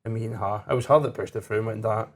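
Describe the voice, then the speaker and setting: A man's voice: fairly low pitch, fairly even intonation, rapid-fire. A Scottish man co-hosting a casual podcast chat over whisky in a lounge, telling a story plainly. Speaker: podcast co-host.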